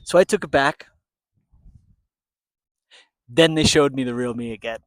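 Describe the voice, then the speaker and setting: A man telling his own story casually, swearing a lot and swinging between hushed asides and loud outbursts. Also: medium pitch, unhurried, no echo.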